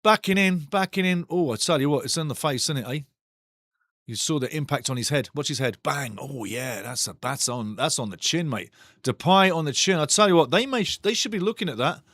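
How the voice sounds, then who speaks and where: A man hosting a live football watchalong, calling the match excitedly and reading chat messages aloud. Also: on the high side, fairly quick, dry recording, clean studio sound. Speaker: watchalong host. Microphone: studio mic.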